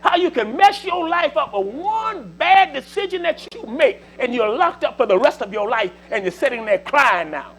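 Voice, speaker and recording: A man in his seventies with a drawl preaches to his congregation in a high, animated voice that swoops up and down. He talks in a folksy, repeating way, leaning on little asides to drive each point home. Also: moderate pace, hardly any pauses, rough recording. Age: 70s. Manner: folksy, repetitive, exhorting with 'see' and 'you know'. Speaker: church speaker. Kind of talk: preaching exhortation.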